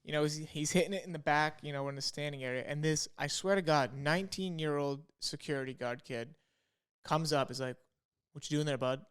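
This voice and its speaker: A young man co-hosts a casual podcast and spins his stories loosely. His voice sits a bit high and comes across clean and smooth. He keeps filling the gaps with "like" and "you know". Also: brisk, fairly bright tone. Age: young adult. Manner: laid-back, peppered with "like" and "you know". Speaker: podcast co-host. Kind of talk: casual storytelling chat.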